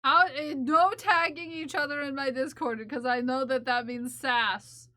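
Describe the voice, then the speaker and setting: A woman's voice: sits high, steady tone, measured pace, pushed and bright. A woman streaming live while knitting, chatting casually and playfully with her viewers and her cat, laughing often.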